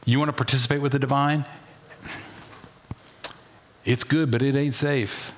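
Animated preacher, a man delivering a sermon. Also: mid-range voice, moderate pace. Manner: animated, folksy preaching with asides and humor. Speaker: pastor.

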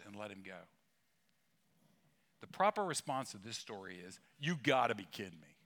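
A male pastor delivering a sermon with a bright, forceful voice. He talks in a conversational way, leaning hard on key words and slipping in humorous asides. His pitch sits in an ordinary middle range for a man.

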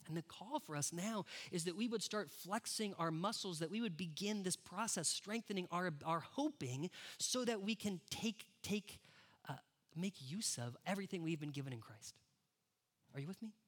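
A man's voice: sits high, a bit bright. A man preaching a sermon in a church, who talks conversationally and turns straight to the congregation with questions. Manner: conversational, addresses the congregation directly. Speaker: pastor.

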